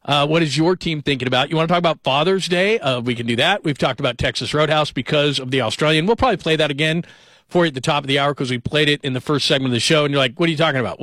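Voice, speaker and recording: A man's voice: fairly high pitch, a bit bright, no echo. A man in his forties hosts a sports radio show. He talks casually and tells joking stories in a slightly raised voice. His voice comes through a studio microphone with a dry, close sound. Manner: chatty, joking storyteller.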